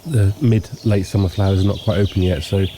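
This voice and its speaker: A man with hay fever, sniffling and clearing his throat, casually narrating a walking tour outdoors at dawn. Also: low-pitched. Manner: relaxed, unhurried, frequent ums and pauses. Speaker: homestead vlogger. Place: outdoors in a countryside yard at dawn. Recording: faint outdoor noise with birds. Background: birdsong and insects.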